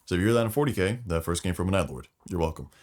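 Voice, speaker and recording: A man with a very low, deep voice, running through lore in relaxed, slangy podcast chat. He talks it through loosely, as if to friends. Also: racing. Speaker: podcast co-host.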